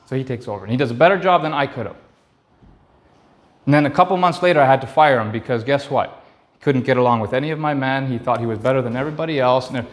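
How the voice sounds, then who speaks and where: A man's voice: mid-range voice, fast. A man in his thirties preaching to young men in church, telling a personal story and emphatically repeating key phrases.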